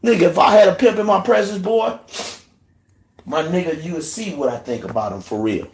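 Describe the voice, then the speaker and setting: A man rants on his livestream in a heated, profane voice, sliding from low muttering up to outright shouting. He sounds emotional, close to tears. His voice sits somewhat high for a man. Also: animated, fairly quick, creaky. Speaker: livestream host. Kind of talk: angry livestream rant.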